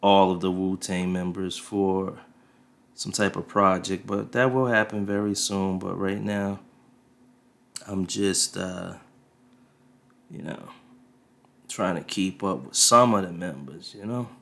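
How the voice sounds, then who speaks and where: The podcast host, a man in his thirties, has a low, gravelly, slightly bright voice with fairly even intonation, speaking slowly and leaving long pauses. He tells a loose, easygoing story laced with profanity on a desk USB mic, with faint music underneath.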